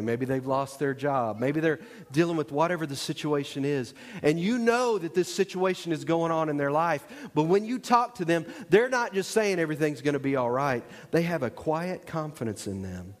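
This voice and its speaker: A man preaching a sermon as pastor, telling stories with lively acted-out outbursts, miked on stage in a church. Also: on the high side. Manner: animated storytelling with acted-out shouts. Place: church sanctuary. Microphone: wearing a microphone pack. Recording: long reverb of a large hall.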